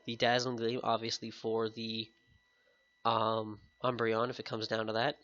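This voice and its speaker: Chatting casually with viewers, a man narrates a competitive game match, his tone upbeat and bright yet slightly sick-sounding. His voice is lowish and monotone, moving at a measured pace. A headset mic gives it a dull, lo-fi quality.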